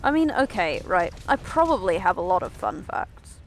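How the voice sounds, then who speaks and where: A woman's voice: mid-range voice, sing-song, normal speed, slight background noise. A woman chatting casually while streaming a game, rambling and swearing in self-mocking asides. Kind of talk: casual gameplay stream chat.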